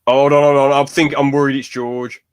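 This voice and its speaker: A man's voice: mid-range voice, flat delivery, brisk, clear, resonant tone. A young man hosting a podcast in casual chat, laughing often and joking crudely. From United Kingdom. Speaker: podcast host.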